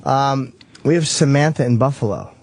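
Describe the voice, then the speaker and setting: A man's voice: medium pitch, moderate pace, creaky, darkish tone. A man hosting a radio show, talking casually and profanely, often restarting his sentences. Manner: rambling, self-correcting, profane. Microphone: studio microphone.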